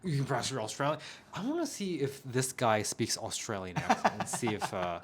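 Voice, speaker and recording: A man's voice: mid-range voice, very animated, a little fast, slight background noise. Young man hosting a casual podcast chat. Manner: laughing, emphatic, repeats himself. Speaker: podcast host.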